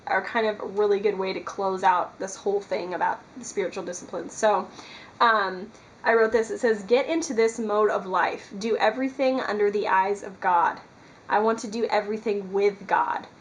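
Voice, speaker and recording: A woman's voice: medium pitch, moderate pace, slight background noise, poor audio. A woman talking earnestly to her camera in a casual devotional vlog, rambling with many fillers. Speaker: Christian vlogger. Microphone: camera mic.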